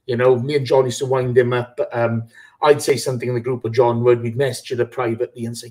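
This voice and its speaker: A man's voice: medium pitch, flat delivery, quick pace, warm tone. A man hosting a casual football fan podcast, emotional and loose, swearing now and then. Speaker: podcast host.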